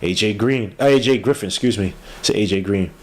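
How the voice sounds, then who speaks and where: Man, podcast host, live game commentary, excitable, tired, keyboard clicks, faint hiss. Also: lowish voice, fairly quick. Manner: excitable, yells at plays, trails off mid-word. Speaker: podcast host doing a game watch-along. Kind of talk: casual live play-by-play commentary.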